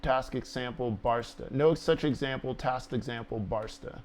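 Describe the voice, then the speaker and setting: A man's voice: medium pitch, moderate pace, darkish tone, a little hiss or hum. A man talking to himself while coding on a stream, laughing, swearing and cooing to his dog. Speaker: programmer streaming a coding speedrun. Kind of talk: casual self-talk while coding.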